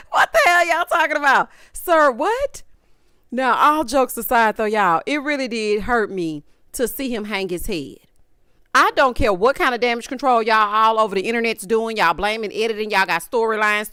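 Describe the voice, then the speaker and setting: A woman hosting a casual reality TV recap, talking in an animated, dramatic, sassy way with punchy asides. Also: a little high, smooth, dry recording, clean studio sound.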